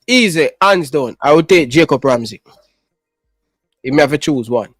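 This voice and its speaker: A man's voice: a little high, expressive, moderate pace, a bit bright, breathy edge, no echo, soft background music. A man with a Jamaican accent talking football as a guest, using patois grammar and hesitating often. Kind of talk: casual chat.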